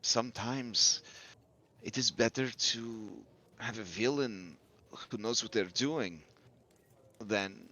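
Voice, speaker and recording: A man voicing a wary, sober woman who gives grave, deliberate warnings in a tabletop game. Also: on the low side, bright, forceful tone, heavily acted. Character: wary older woman innkeeper, sober and measured.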